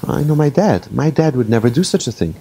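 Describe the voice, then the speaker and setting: Animated rabbi lecturing with lively pitch. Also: male voice, a little fast, breathy edge. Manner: animated, asks the audience questions, tells hypothetical stories. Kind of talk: lively lecture to a live audience.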